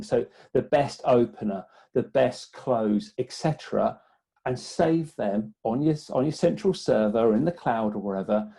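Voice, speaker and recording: Gravelly, mellow-voiced man. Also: medium pitch. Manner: hesitant, many restarts and fillers. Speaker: business development guest. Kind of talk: conversational interview.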